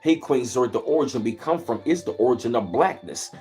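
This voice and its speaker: A man's voice: mid-range voice, animated, a little fast, a little mellow. A man talks loosely and at length on his own livestream, drifting through easygoing stories in a mid-range voice. Now and then he stops to greet viewers by name. Faint music plays behind him. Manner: rambling, laid-back storytelling, greets viewers in between. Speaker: livestream host. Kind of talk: casual livestream chat. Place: at home, where he lives in Maryland.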